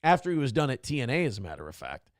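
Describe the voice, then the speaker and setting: Racing along at medium pitch, a forties-aged male morning show host rattles off profane, meandering anecdotes in an animated, conversational way. The audio is studio quality, free of echo.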